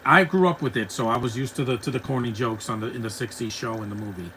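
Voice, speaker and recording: A man talking through a live-stream reaction in a loose, rambling way, drifting between remarks and replies to his chat. His voice sits at an ordinary middle pitch, and a faint hum of noise runs underneath. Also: quick pace. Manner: chatty, rambling, laughs easily, talks back to chat. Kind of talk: casual reaction commentary.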